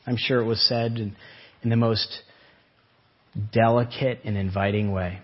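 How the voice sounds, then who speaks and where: A man's voice: mid-range voice, a little slow, breathy edge. A man preaching a sermon in an earnest way, often asking rhetorical questions. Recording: dull lo-fi recording.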